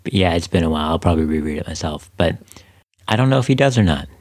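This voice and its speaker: A man with a very deep voice co-hosts a podcast in relaxed conversation. He tosses in playful, jokey asides as he talks. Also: fast. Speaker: podcast co-host. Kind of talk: casual chat.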